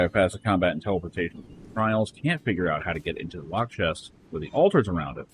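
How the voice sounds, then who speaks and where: A man's voice: on the low side, animated, quick pace, slight background noise. A man casually commenting while he plays a game, thinking aloud and reading game text. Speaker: streamer.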